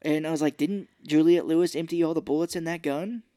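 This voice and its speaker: A podcast co-host chatting casually through a movie recap at a middle pitch, jumping into quick put-on voices for the characters. The sound is close and dry, with no room around it. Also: steady tone, mellow, dry recording. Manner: retells scenes, acting out characters' lines in quick put-on voices.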